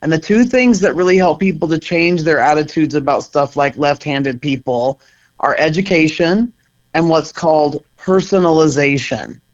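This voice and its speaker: A man's voice: fairly high pitch, moderate pace. Earnest middle-aged man, dull audio. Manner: earnest, reflective, laughs often. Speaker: guest, center co-founder. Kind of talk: conversational interview.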